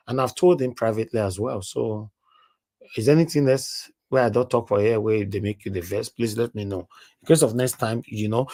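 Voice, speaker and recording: A man with a Nigerian accent hosting a live call-in stream, chatting casually and speaking straight to his viewers with bits of pidgin. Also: medium pitch. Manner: chatty, addresses viewers directly, mixes in pidgin. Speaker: live show host.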